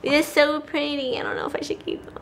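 A young woman talks casually to her handheld camera, bubbly and giggly and quick to gush. Her voice sits a little high. A steady hum of household and traffic noise runs behind her. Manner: bubbly, giggly, easily gushing. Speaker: vlogger. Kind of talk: casual vlog chat. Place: at home, later in a car. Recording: noisy background hum.

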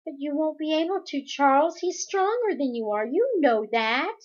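A woman reading aloud and voicing a frantic teenage girl who pleads and turns shrill. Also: lively intonation, normal speed, highs cut off. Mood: pleading. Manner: pleading, rising to shrill screams.

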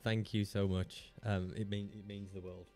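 A man's voice: on the low side, level tone, normal speed, a little mellow, faint music behind. A man chatting casually on a live stream, rambling, chatty and self-mocking, swearing freely into a desk mic.

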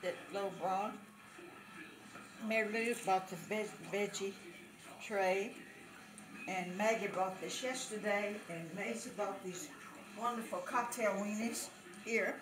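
An older woman talks warmly through each dish at a party and who brought it, in casual chat. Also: medium pitch, takes it slowly, pauses often. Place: home party room. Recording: echoey room with noise.

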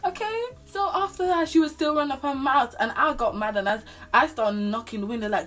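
A woman's voice: high voice, brisk, hardly any pauses. A young woman telling a storytime vlog, full of slang and swearing. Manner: animated, slangy, swears freely. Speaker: vlogger.

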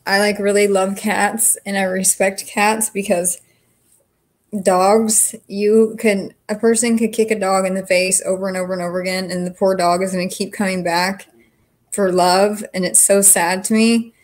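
A woman's voice: mid-range voice, little pitch movement, normal speed. A woman chats loosely with her livestream viewers from home. She is blunt and swears freely, speaking in an ordinary mid-range voice. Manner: chatty, frank, swears freely. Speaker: livestream host. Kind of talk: casual livestream chat with viewers.

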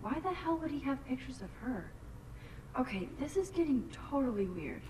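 A woman voicing a curious, earnest teenage girl student in a video game, soft-spoken and wry. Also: sits high, big pitch swings, moderate pace, slight background noise. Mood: uneasy. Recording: roomy, distant game audio over music.

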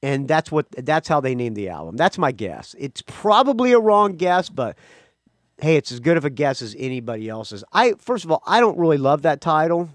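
With a fairly high, very animated voice at a moderate pace and no echo, a man runs his own music podcast. It's loose solo talk: he rambles, chats, corrects himself, and keeps restarting or slipping in asides.

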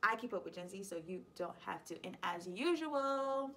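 Bright-voiced woman host, playful. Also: medium pitch, expressive, normal speed, a little hiss or hum. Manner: chatty and playful, laughs often. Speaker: host, high school teacher. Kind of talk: casual explainer vlog.

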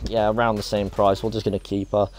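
A young man giving excitable, chatty pack-opening commentary in a game video. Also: lowish voice, fast talker. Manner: excitable, chatty, reacts aloud to each card. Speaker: gaming YouTuber. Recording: faint music behind the voice.

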